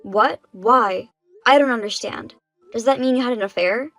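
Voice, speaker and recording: A woman's voice: medium pitch, a little slow, a bit bright, dry recording, faint music behind, low-quality recording. A woman voicing the wronged wife in a dubbed story drama, speaking plainly and with indignation.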